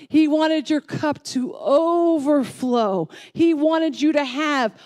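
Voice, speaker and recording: A woman pastor preaching a sermon, emphatic and repetitive, swinging from loud declarations to soft, slow lines. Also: a little high. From Texas family, Southern upbringing.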